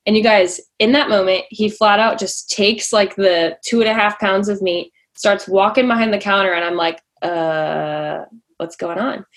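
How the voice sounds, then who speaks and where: Young woman podcast host, chatty faith story, lots of likes and ums, mid pitch. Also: steady tone, moderate pace, few pauses. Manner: chatty, many likes and fillers, acts out quoted lines. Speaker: pageant coach and podcast host. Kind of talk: personal faith story told to listeners.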